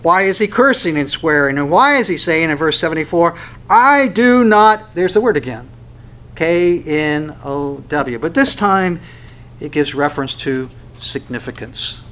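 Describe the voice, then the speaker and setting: Emphatic preacher man, fairly high voice. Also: lively intonation, normal speed. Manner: dramatic swings from loud emphatic to hushed. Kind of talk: sermon.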